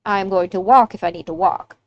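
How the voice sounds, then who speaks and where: A woman's voice: medium pitch, fairly quick, dry recording, dull audio, natural voice. A woman voicing a matter-of-fact mother who is a healer, in a tabletop game. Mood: unbothered.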